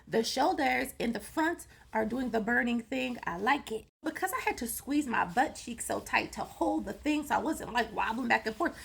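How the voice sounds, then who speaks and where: A woman vlogger with a high-leaning, slightly fast voice and some vocal fry gives a playful, rambling recap of her gym workout. Now and then she slips into a whisper.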